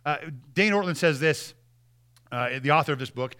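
A male pastor preaching a sermon, earnest, reading quoted passages aloud with emphasis and dropping to a hush at key lines. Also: fairly high pitch, lively intonation, normal speed, smooth. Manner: earnest, with repeated restarts and dramatic drops in volume.

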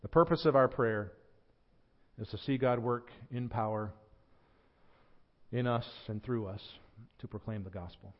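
Emphatic pastor preaching, lo-fi. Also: male voice, medium pitch. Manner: emphatic, slows and lifts voice on scripture quotes, drops quiet at phrase ends. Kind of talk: sermon. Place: church sanctuary.

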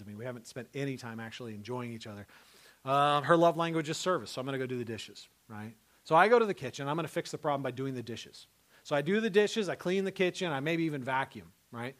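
A pastor preaching a sermon, a man whose voice sits a little higher than most. He talks conversationally and keeps asking "right?". He climbs into loud, rising outbursts, then drops to a hushed, tender softness. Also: very animated, quick pace. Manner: conversational, repeats words and asks "right?" often.

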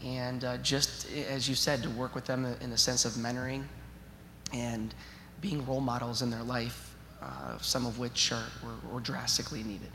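A man's voice: medium pitch, level tone, normal speed, bright, forceful tone, a little hiss or hum. A man, a school principal, speaking as a guest at a church service, hesitant, with many fillers. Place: church sanctuary. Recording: roomy echo with long hall reverb.

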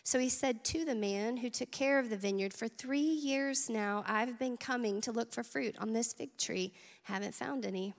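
A woman's voice: on the high side, moderate pace, gravelly, in a large hall. A woman preaching a sermon at church, earnest and conversational, with asides to the congregation. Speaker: teaching pastor.

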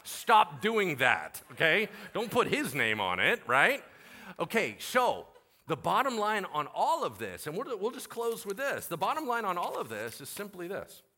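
A man preaching a sermon as pastor, animated and acting out biblical characters in casual slang. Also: high voice, a little slow.

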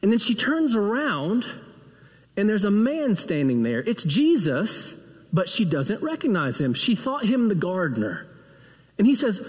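A pastor preaching a sermon, retelling a gospel story and acting out the voices of its figures. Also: male voice, high-pitched, very animated, unhurried. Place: church sanctuary. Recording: long hall reverb.

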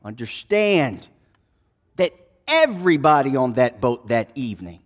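A man preaching a sermon, retelling a gospel scene in dramatic, folksy storytelling that swings between hushed and loud passages. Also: medium pitch, sing-song, a little slow. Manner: casual, folksy turns of phrase.

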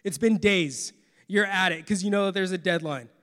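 Man preaching from the pulpit, earnest, dropping quiet then pushing loud; sits high in pitch, big reverberant church hall. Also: normal speed, clean tone. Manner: earnest, swings from soft to forceful. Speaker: pastor. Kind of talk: sermon.

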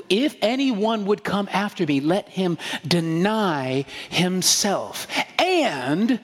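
A man with a high, husky voice preaches in a loose, conversational way, telling stories and checking in with his listeners as he goes. His voice rings out with a long reverb, as if he were standing in a large hall. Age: adult with a young daughter. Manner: storytelling, rhetorical asides, frequent "right?". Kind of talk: conversational sermon.

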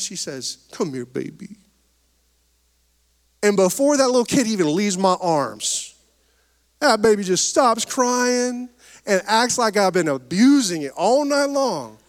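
A man in his thirties delivers a sermon in a high-pitched voice. He preaches with swelling emphasis and folksy humor, calling on the congregation for amens. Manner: preacherly, rising and falling emphasis, calls for amens. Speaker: pastor.

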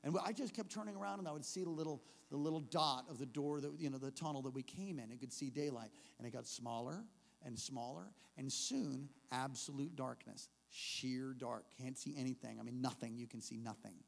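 A man preaching a storytelling sermon at a church service, animated, swinging from hushed narration to shouting. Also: mid-range voice, a little fast, vocal fry, in a large hall. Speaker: pastor.

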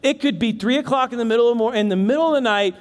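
High-voiced male pastor in a reverberant church. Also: rapid-fire. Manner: dynamic preaching, dropping to hushed emphasis and rising to loud bursts; conversational asides to the congregation. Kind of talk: sermon. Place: church sanctuary. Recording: long reverb of a large church hall.

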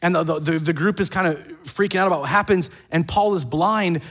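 Lively pastor retelling Bible stories. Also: male voice, sits high, a little fast. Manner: animated storytelling with acted quotes and asides. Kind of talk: casual sermon retelling scripture.

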